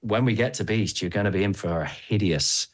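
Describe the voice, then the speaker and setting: A man's voice: fairly low pitch, a little fast. A man hosting a casual podcast chat about comics, enthusiastic and laughing often. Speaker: podcast host.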